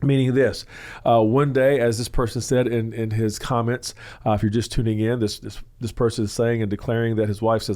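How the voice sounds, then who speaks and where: A man hosts a church counseling show and explains things at length in a loose, rambling way. He pauses often with "uh" and "you know" and sometimes acts out the people he describes. His pitch sits in the middle range for a man. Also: flat delivery, darkish tone. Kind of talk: teaching talk on a question-and-answer show.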